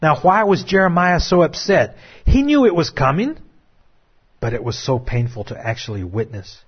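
A man preaching a sermon with impassioned, drawn-out dramatic phrasing. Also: fairly high pitch, animated, husky, lo-fi sound.

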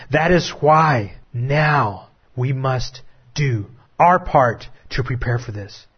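A man preaching a sermon with impassioned, drawn-out dramatic phrasing. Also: medium pitch, expressive, husky, muffled recording.

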